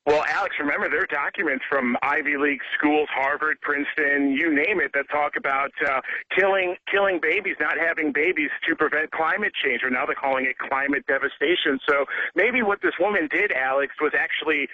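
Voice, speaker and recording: A man's voice: a little high, fairly quick, no echo. A man in his twenties from the Chicago area calling in to a radio show, talking earnestly with many fillers and restarts. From Chicago area, USA. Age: 20s. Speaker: caller. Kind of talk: call-in radio talk. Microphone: telephone. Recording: dull phone-line call-in audio.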